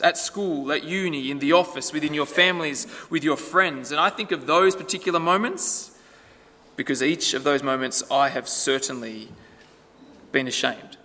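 Preaching in a conversational style, a man puts rhetorical questions to his listeners. His voice is a little high, with a bright, forceful tone, and the recording carries long hall reverb.

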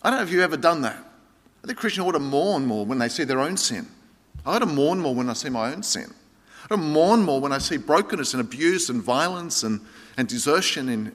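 A man's voice: fairly high pitch, pushed and bright. A man preaching a sermon with passion, at times rising into a pleading prayer. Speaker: pastor. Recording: long reverb of a large hall.

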